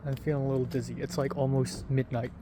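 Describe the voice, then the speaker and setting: A young man talking quietly and rambling to his phone camera, chuckling to himself as he walks an empty street at night. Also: mid-range voice, little pitch movement, quick pace, a little hiss or hum. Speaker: vlogger. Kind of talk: casual self-filmed vlog.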